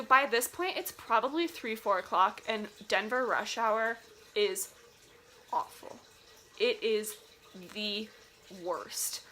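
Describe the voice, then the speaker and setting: A young woman vlogger from Colorado, telling a story in a casual, animated and dramatic way, saying "like" often. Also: fairly high pitch, slight background noise. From Colorado, USA.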